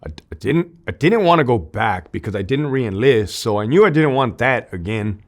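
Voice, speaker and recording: A man's voice: medium pitch, expressive, moderate pace. A man in his thirties, an army veteran, speaking as an interview guest in candid, emotional conversation, with a lot of "dude" and "like" and some swearing.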